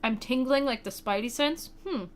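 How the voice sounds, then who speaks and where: A woman's voice: high voice, moderate pace. A young woman streamer giving sarcastic, swear-laden casual commentary on a game, saying "like" a lot, into a desk microphone. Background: loud game music.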